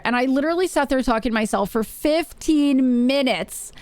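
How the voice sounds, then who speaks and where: A talkative woman streamer chats with her viewers from a home setup. Her voice sits a little higher than most. It is close to the mic and dry, with no room sound. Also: a little fast, dry recording. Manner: chatty, rambling, repeats phrases. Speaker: Twitch streamer. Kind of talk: casual live-stream chat.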